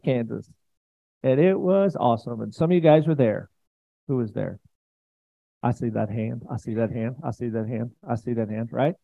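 A man's voice: medium pitch, vocal fry, no echo. A man preaching a conversational sermon in a church, chatty and enthusiastic, with frequent asides to the congregation. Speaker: pastor. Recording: dry, tinny phone-like sound.

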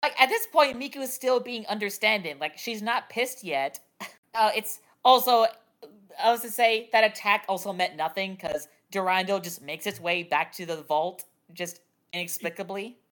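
A woman's voice: medium pitch, moderate pace, a bit bright. A woman co-hosting a podcast, giving wry, exasperated commentary about an anime in a casual chat. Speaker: podcast co-host.

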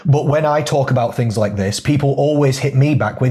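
A man's voice: medium pitch, brisk, few pauses, dark tone. A man, a fitness coach hosting a casual podcast chat, candid and laughing often as he swears freely.

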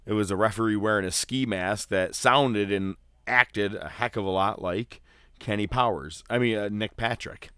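A man co-hosting a casual podcast, recapping wrestling with animated, mock-dramatic storytelling. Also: on the low side, moderate pace, clear, resonant tone, dry recording, clean studio sound. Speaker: podcast co-host.

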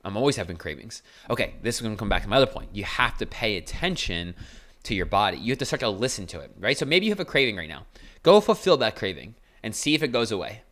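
A man's voice: lowish voice, sing-song, fast talker, a bit bright. A young man hosting a podcast, talking blunt and earnest in a casual motivational monologue. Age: young adult. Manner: blunt and earnest, self-described aggressive tone. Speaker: podcast host.

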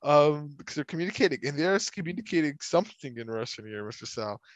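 A man's voice: on the high side, expressive, fast, no echo, low-quality recording. A young man co-hosting a casual podcast, recapping a TV episode in a chatty, rambling way with frequent laughs. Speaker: podcast co-host recapping a TV show. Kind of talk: casual chat.

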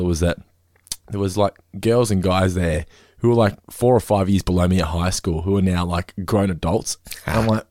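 A man's voice: lowish voice, dry recording, studio quality. A man in his thirties with an Australian accent, co-hosting a casual podcast chat, telling stories and acting out the people in them. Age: 30s. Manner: animated storytelling, swears casually, acts out quoted people. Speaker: podcast co-host.

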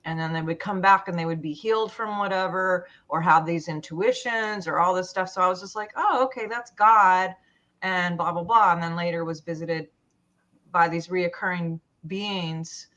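A woman telling a personal story in a conversation, halting and full of fillers and restarts. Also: on the low side, steady tone, fairly bright tone. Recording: dull lo-fi sound.

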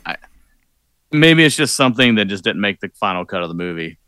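A man chatting about a film, stumbling through restarts before landing a wry point. His tone is bright and a little sharp. It is recorded close with a dry sound. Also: lowish voice, big pitch swings, quick pace, clear, resonant tone, no echo. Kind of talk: casual movie chat.

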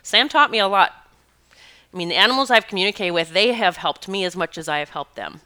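A woman's voice: mid-range voice, a little fast, pushed and bright. A woman who works as an animal communicator and Reiki practitioner, telling a personal story casually, rambling and correcting herself as she goes. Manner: rambling, self-correcting, earnest.

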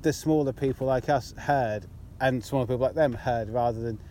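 A man's voice: mid-range voice, moderate pace, mellow, a little hiss or hum. A British man co-hosting a podcast in casual chat, drunk, rambling, laughing often and stumbling over his words. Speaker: podcast co-host.

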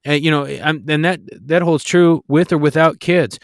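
A man's voice: on the high side, fairly even intonation, normal speed, no echo, clean studio sound. A man co-hosting a faith-based podcast, talking in an earnest, exhorting way with frequent restarts. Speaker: podcast co-host.

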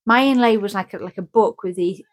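Woman, podcast co-host, rambling, jokey, mid pitch. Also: a little fast. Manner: rambling, jokey, acts out scenes. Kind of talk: casual chat.

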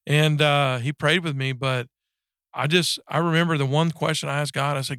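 A man in his forties giving a personal faith testimony in casual conversation, halting and earnest, with many restarts and fillers. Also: on the high side, fairly even intonation, fairly bright tone, clear, resonant tone, no echo, studio quality. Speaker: guest sharing a faith story.

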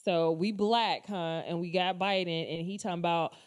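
A woman's voice: fairly low pitch, steady tone, moderate pace, smooth. Exasperated woman ranting to her viewers. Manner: exasperated, profane, rambling, addresses viewers as y'all. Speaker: commentator. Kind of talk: casual opinion vlog rant.

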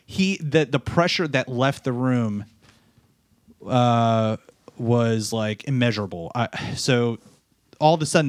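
A man of middling pitch tells a personal story, sounding tired. He halts, repeats himself and restarts his sentences. The sound is dry and close. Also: a bit bright, dry recording. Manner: halting, repeats words and restarts often. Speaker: podcast co-host, new father.

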